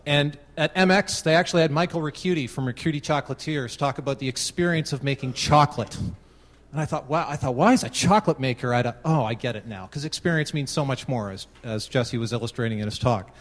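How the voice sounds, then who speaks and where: A man's voice: mid-range voice, fast. Canadian man with a hall reverb. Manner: casual, tells a joke with voiced characters. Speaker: conference attendee giving a short talk. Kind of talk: open-mic talk with a joke. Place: large conference room.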